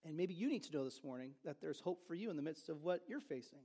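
A man's voice: a little high, animated, quick pace, warm tone. A man preaching a sermon as pastor, with conversational storytelling and joking asides. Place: church service.

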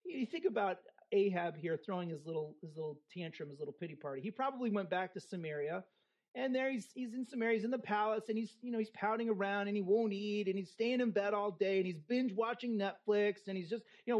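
Conversational preacher with quick asides. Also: mid-range voice, darkish tone. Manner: conversational, with frequent "right?" asides; humorous modern asides. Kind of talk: expository sermon with scripture reading.

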